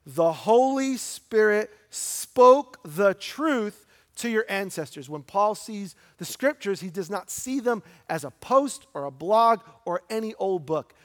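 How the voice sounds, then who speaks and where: A middle-aged man preaching a sermon in a church, conversational, asking rhetorical questions and slowing down for emphasis. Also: high voice. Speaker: pastor. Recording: long hall reverb.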